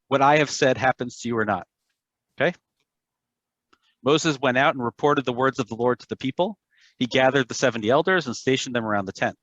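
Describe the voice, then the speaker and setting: A man reads scripture to a class and keeps stopping to explain it in lively, plain asides. His voice sits at an ordinary pitch. The sound is dry and a little dull, like a lo-fi recording. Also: no room sound. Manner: animated, breaks in with asides and explanations. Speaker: class facilitator.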